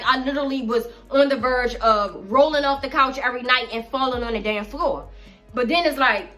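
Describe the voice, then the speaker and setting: Middle-aged woman, casual storytime vlogger: bright, animated and blunt, with faint music under her. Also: on the high side. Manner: animated, profane, addresses viewers as y'all.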